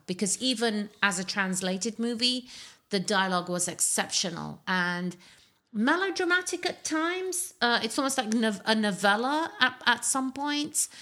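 Woman co-host, casual film chat, halting delivery. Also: mid-range voice, fairly bright tone.

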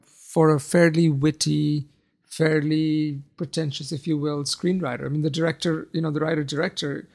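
A co-host of a casual film podcast speaks in an analytical, careful way and hedges what he says. The voice sits mid-range with a strong gravelly fry. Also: medium pitch, flat delivery, a little mellow. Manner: measured, analytical, qualifying remarks. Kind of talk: casual film review chat.

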